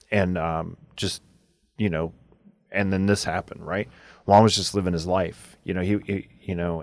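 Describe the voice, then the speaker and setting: A man's voice: low-pitched, no room sound. A man hosting a casual Catholic radio talk show, rambling with lots of fillers and asking "right?". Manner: loose, filler-heavy, keeps asking "right?". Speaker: host.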